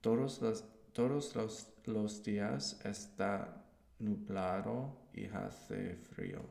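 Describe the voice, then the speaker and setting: A man streaming himself learning a language, talking in a slow, hesitant way with fillers. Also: fairly low pitch, sing-song, creaky, darkish tone. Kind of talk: casual live stream commentary. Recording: roomy echo.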